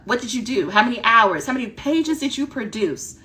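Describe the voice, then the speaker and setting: A woman dissertation coach giving a direct, animated talk that acts out her students' inner voices. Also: on the high side, normal speed.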